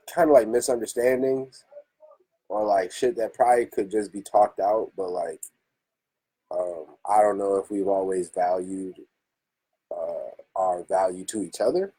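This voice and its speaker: A man's voice: lowish voice, mellow, slightly rough, poor audio. A man hosting a casual podcast chat, telling stories animatedly, laughing often and acting out quotes. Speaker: podcast host.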